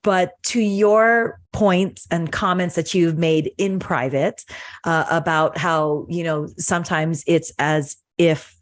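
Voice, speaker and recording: A woman's voice: fairly low pitch, fairly even intonation, slow pace. A woman co-hosting a podcast, affirming her partner with playful, encouraging remarks. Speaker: podcast co-host. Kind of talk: casual podcast chat.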